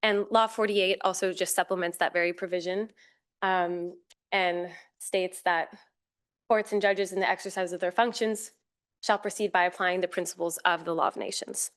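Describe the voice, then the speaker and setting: A woman giving a formal, measured academic talk as a conference panel speaker, with occasional fillers and self-corrections. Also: on the low side, fairly even intonation, a bit bright, clean tone.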